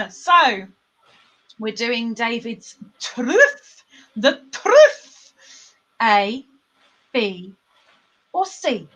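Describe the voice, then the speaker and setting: A woman's voice: fairly high pitch, big pitch swings, very slow, pauses often, pushed and bright, husky. A woman hosting a live stream in casual chat, playful and laughing often. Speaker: livestream host.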